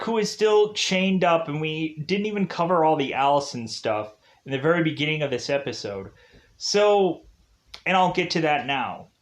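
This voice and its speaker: A man casually recapping a TV episode in a rambling way, using lots of filler words, laughing at his own jokes and acting out the characters' lines in mocking voices. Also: fairly high pitch. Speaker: TV review host.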